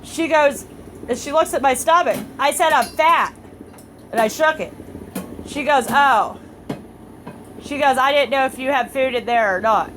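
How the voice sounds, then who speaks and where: A woman's voice: high-pitched, a little slow, pauses often, fairly bright tone, a little hiss or hum, low-quality recording. A middle-aged woman telling a story in casual chat, acting out other people's lines. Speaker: family vlogger. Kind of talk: casual storytelling while playing a phone game.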